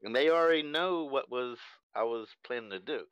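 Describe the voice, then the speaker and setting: A man voicing an honest, dim-witted adventurer who talks in halting, stumbling phrases. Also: medium pitch, a bit bright, clear, resonant tone, no room sound, highs cut off, natural voice.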